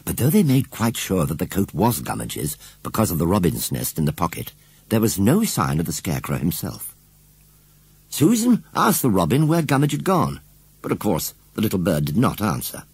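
Male audiobook reader, low and raspy, swooping animated delivery. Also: moderate pace, no room sound. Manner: expressive, animated storytelling. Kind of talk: storybook narration.

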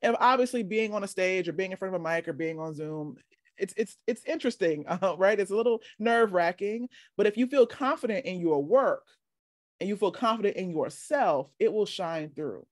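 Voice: mid-range voice, lively intonation, normal speed, no room sound, studio quality. A workshop leader teaching casually over a video call, chatty and encouraging, often asking "right?".

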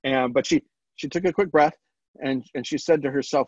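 A man presenting a stress management webinar in a relaxed, conversational way, pausing often with ums and restarting his sentences. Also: mid-range voice, no room sound. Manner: halting, with frequent ums and restarts. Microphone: video call. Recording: dull lo-fi webinar audio, dry.

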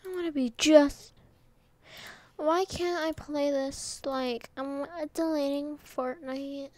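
A woman giving casual, rambling gaming commentary, excitable and full of slang as she plays. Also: sits high, slow pace. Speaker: gaming video creator.

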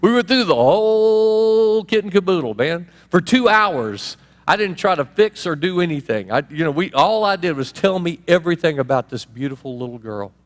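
Animated preaching man, hall reverb. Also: high-pitched, normal speed, hardly any pauses. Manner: animated, conversational preaching with laughs and asides. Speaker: pastor. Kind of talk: sermon.

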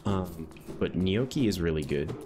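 Over game music and a noisy background, a young man from the northeastern United States chats while live-streaming a video game. His low-pitched voice is expressive and a little slow, and his rambling, easygoing talk is full of "um"s and "like"s.

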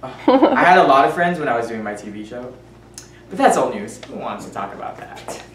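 A woman's voice: rumbling low, big pitch swings, a little fast. A woman acting a pushy, nosy teenage boy neighbor, an ex-child star, who talks in an awkward, overfamiliar, giggly way. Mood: wistful. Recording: echoey room, mic far off, faint hiss.

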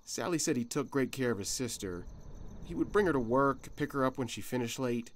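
A nervous young man answers a police officer's questions in a lively, rising and falling voice, with faint clicks and crickets behind him. A man reads his lines aloud. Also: medium pitch, brisk, slight background noise, close to an everyday voice. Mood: worried. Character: worried young man, a witness's brother.

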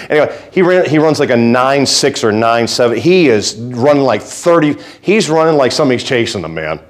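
A male pastor preaching a sermon in a fervent, folksy way, swinging between quiet asides and loud exhortation. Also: mid-range voice, lively intonation, normal speed, few pauses.

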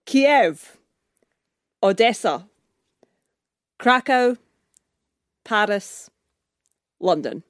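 A woman's voice: medium pitch, lively intonation, very slow, pauses often, no room sound, clean studio sound. A woman co-hosting a podcast as quizmaster, amused and laughing between clues in casual banter. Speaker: podcast co-host reading trivia clues.

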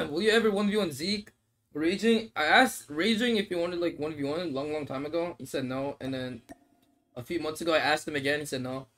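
Young man, fairly high voice, laid-back streamer banter with laughs and swearing, chats while eating. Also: fairly quick, fairly bright tone. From Australia. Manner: talks while eating noodles. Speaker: mobile game streamer. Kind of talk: casual livestream chat, reading comments.

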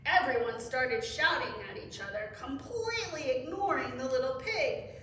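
A woman librarian reading a picture book aloud to children in an expressive, animated way, asking them questions, in a library room. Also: high voice, normal speed, a little hiss or hum. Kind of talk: children's story time reading. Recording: echoey room, far from the mic.

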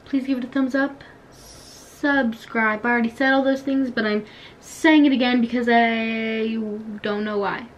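A teenage girl chatting casually while playing an online game, giggly and quick to complain, then wrapping up her vlog. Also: on the high side, steady tone, a little hiss or hum. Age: teens. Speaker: YouTuber. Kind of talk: casual gaming vlog chat.

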